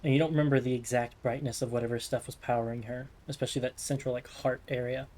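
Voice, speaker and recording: Mellow-voiced man narrating a tabletop game. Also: medium pitch, fairly even intonation. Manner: slow, descriptive scene-setting. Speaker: game master.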